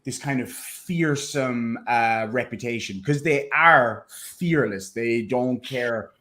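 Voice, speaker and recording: A man's voice: medium pitch, takes it slowly. Chatty Irish man telling stories. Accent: Irish, softened by living in America. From Ireland. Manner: chatty storyteller, animated, slipping into impressions. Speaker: podcast co-host. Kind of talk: casual chat.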